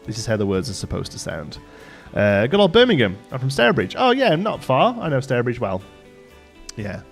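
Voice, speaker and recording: A chatty man, rambling through a relaxed live stream with plenty of "um"s and restarts. His voice sits in an everyday middle pitch. Soft music plays faintly behind him. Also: normal speed, vocal fry. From England, Staffordshire. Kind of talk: casual chat while gaming, reading chat aloud.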